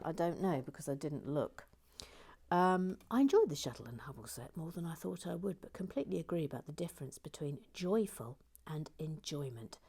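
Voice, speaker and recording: A woman hosting a relaxed livestream, chatting softly while she builds, often drifting into a murmur. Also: fairly low pitch. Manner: soft and rambling, often dropping to a murmur, with frequent restarts. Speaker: livestream host building LEGO sets.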